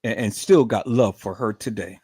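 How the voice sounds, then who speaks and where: A man's voice: lowish voice, moderate pace, mellow, breathy edge, no echo. Furious man ranting, dry sound. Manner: furious, profane, repetitive ranting. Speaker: live stream commentator. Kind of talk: angry commentary.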